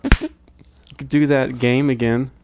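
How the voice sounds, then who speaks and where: A man's voice: medium pitch, steady tone, unhurried, darkish tone, slight background noise. A young man hosting a radio show, joking around and laughing a lot in casual banter. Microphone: studio microphone with headphones.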